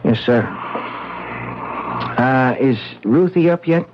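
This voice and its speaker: A man's voice: medium pitch, noisy background, natural voice. An actor in his twenties playing an eager, hesitant young man in a radio drama, stammering and earnest. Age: 20s. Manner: stammering, earnest, halting restarts. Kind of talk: 1970s radio drama acting. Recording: dull lo-fi old radio recording.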